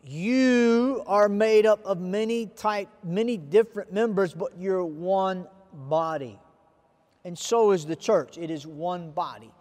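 A man preaching a sermon to viewers, with a deliberate, emphatic delivery. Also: sits high, a little mellow, big-room sound. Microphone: camera recording of a speaker addressing viewers.

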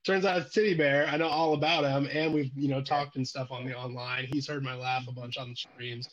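A man's voice: mid-range voice, fairly even intonation, fairly quick, fairly bright tone. A man from Illinois chatting casually as a guest on a stream, telling rambling stories with a frequent giggle. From Illinois, United States. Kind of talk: casual chat. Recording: dull lo-fi audio.

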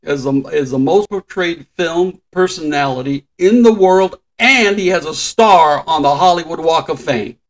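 A man's voice: on the high side, expressive, moderate pace, few pauses, poor audio. An older man in casual podcast chat, telling trivia stories with frequent chuckles. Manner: chatty storyteller, shares trivia, chuckles often. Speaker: podcast co-host.

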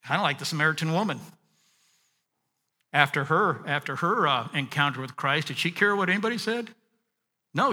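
A male pastor preaching a sermon, reading and unpacking scripture, dropping to a hush and then rising to emphatic points. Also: a little high, slightly rough, big-room sound. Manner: expressive, swinging from hushed to emphatic.

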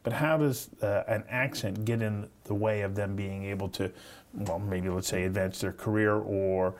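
A man's voice: fairly low pitch, fairly even intonation, moderate pace. A man hosting an interview, asking curious, probing questions and thinking aloud as he frames them.

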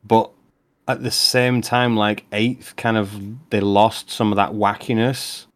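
Lower-voiced man, excitable chat. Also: slow. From United Kingdom. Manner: excitable, stammering restarts. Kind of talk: casual chat.

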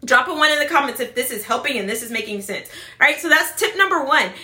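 A woman with a high, bright voice talks straight to the camera, handing out practical advice to fellow moms. She keeps it chatty, tossing in "right?" and mimicking how people talk as she goes. The room around her carries a noticeable echo. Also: expressive, quick pace. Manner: chatty, repeats "right?" and "blah, blah, blah"; acts out quoted voices. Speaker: mom advice vlogger.

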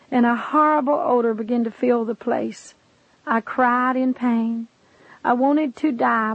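A woman's voice: a little high, no room sound. A woman narrating a dramatic first-person testimony, speaking with passion and addressing the listener directly. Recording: dull lo-fi dry recording.

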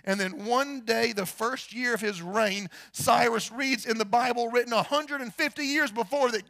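A pastor preaching a storytelling sermon, swinging between hushed and loud and firing rhetorical questions. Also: male voice, very high voice, normal speed, vocal fry, few pauses, no room sound. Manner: rhetorical questions, repeats words.

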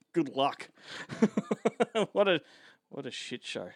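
A man's voice: mid-range voice, very animated, very slow, dry recording, studio quality. A man co-hosting a podcast, with casual, crude banter and frequent laughter. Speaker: podcast co-host. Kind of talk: casual chat.

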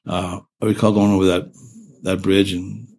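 Halting, deep-voiced man in his seventies. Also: level tone, vocal fry, a little mellow. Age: 70s. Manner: halting, with frequent restarts and self-corrections; earnest and emotional while recounting. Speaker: interviewee. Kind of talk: oral-history interview recollection.

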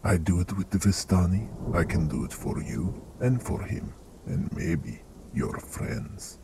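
A man voicing a cold, commanding vampire lord in a tabletop game, in a hushed, whispery voice with a put-on Eastern European style accent. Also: deep voice, big pitch swings, measured pace, vocal fry, heavy background noise, exaggerated voice. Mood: tempting.

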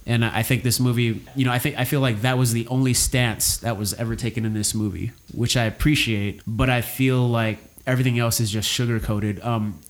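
A man's voice: medium pitch, fairly even intonation, brisk, hardly any pauses. A man co-hosting a casual film discussion, talking in an opinionated, conversational way with frequent fillers and restarts. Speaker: podcast co-host discussing a film.

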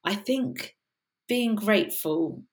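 A woman's voice: mid-range voice, expressive, slow. A woman from the UK, a worship musician, talking earnestly and casually in a podcast interview, with many fillers.

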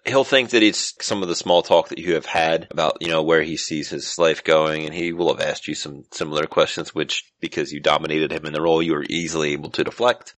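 A man narrating as game master of a tabletop role-playing game, relaxed and measured. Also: a bass voice, no room sound, poor audio.

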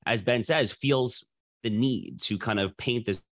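A man's voice: mid-range voice, unhurried, fairly bright tone, no room sound, clean studio sound. A man co-hosting a political panel talk, arguing emphatically with frequent restarts. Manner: emphatic, argumentative, with filler restarts. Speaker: political podcast co-host. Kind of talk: opinionated panel discussion.

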